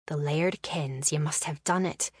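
Give me a loyal young Highland guardsman played by a woman with a thick Scottish accent, speaking in a low, slow and wry way. He sounds dry and close to the mic, like a storybook read aloud. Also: slightly rough, no room sound. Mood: sober.

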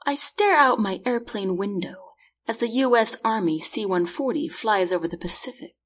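A woman reading her own novel aloud as a measured first-person audiobook narration. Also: medium pitch, slightly rough. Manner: measured storytelling read.

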